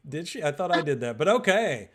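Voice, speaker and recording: A man's voice: fairly high pitch, very animated, fairly quick, heavy background noise. A man hosting a virtual improv show over a video call, loose and rambling with fillers.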